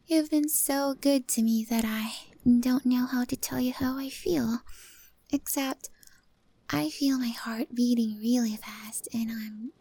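A devoted cat girl murmurs in a whispered role-play, played by a young woman. Her voice is high, mellow and warm, unhurried, with soft meows. It sounds close and dry, with no room around it. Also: dry recording, heavily acted. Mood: tender. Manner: soft, breathy, adoring, meows between lines. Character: affectionate adult cat girl, devoted, clingy, pleading.

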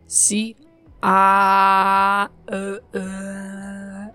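A woman's voice: lowish voice, slow, long pauses, dry recording, soft background music. A young woman in a casual girlfriend role-play, rambling to her partner with frequent laughs and swearing.

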